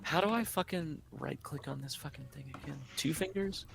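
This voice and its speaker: A man playing a tabletop game, excitable and swearing freely. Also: fairly high pitch, moderate pace, creaky, slightly rough. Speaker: player. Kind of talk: casual chat at a tabletop game.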